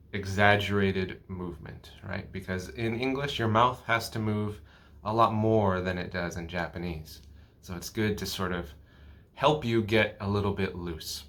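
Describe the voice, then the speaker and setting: A man's voice: on the low side, fairly bright tone. A man from the United States with an American accent, teaching English pronunciation patiently and repeating each word twice. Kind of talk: pronunciation lesson.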